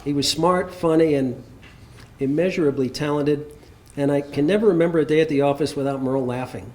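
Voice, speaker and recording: A man's voice: fairly high pitch, brisk. A man at a memorial service, reading written memories aloud with fondness and the occasional laugh. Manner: warm, fond reading, often laughing.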